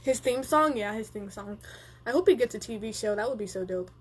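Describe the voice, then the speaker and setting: A woman's voice: a little high, fairly quick, slightly rough. A young woman hosting a live stream, chatting casually and swearing freely as she reads viewer comments and answers them. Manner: animated, profane, reads viewer comments aloud.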